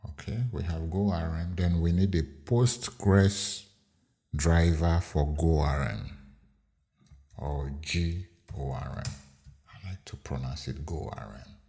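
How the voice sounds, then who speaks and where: A man hosting a screen-recorded coding tutorial, explaining each step in an unhurried way with fillers. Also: rumbling low, mellow. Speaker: programming tutorial host.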